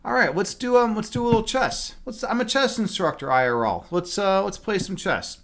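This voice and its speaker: A man's voice: high-pitched, animated, fairly quick. A man chatting casually on a livestream as a chess instructor. He rambles and fills his talk with "like" and "you know". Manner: talks loudly at times.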